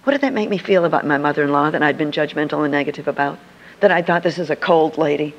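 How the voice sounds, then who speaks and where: An older woman tells a personal story and acts out the dialogue vividly. Her voice has a gravelly edge. The recording is a muffled, lo-fi archive. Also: low voice, fast talker. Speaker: Christian speaker.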